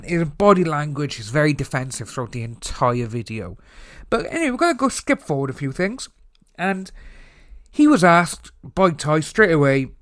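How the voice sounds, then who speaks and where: A man from Wales with a Welsh accent, giving a rambling, animated commentary vlog from home. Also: a little high. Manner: rambling, animated, stumbling restarts. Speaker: YouTube commentator. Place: home room with open window.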